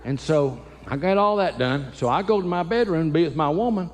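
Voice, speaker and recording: A man telling animated, folksy comic stories live in a church auditorium. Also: a little high. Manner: animated, folksy, quick bursts. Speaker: Christian comedian. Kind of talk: live comedy storytelling. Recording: live hall with long reverb.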